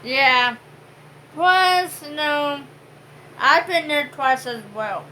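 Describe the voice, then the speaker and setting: A woman's voice: sits high, lively intonation, drawn-out words, bright, forceful tone, a little hiss or hum, rough recording. A woman co-hosting a home vlog, chatting casually and rambling with many fillers. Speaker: vlog co-host. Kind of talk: casual chat.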